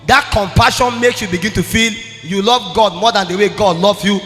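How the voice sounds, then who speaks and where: Male preacher, high bright voice, fervent sing-song delivery, reverberant hall. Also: normal speed. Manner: impassioned, swings between shouting and sing-song. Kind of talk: sermon. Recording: long hall reverb with faint music.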